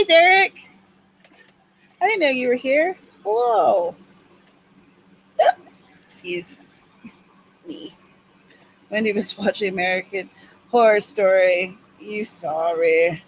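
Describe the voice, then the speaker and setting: A woman's voice: mid-range voice, a little hiss or hum, rough recording. Chatty, teasing woman host. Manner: chatty, teasing, animated storytelling. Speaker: writing livestream co-host. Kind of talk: casual chat.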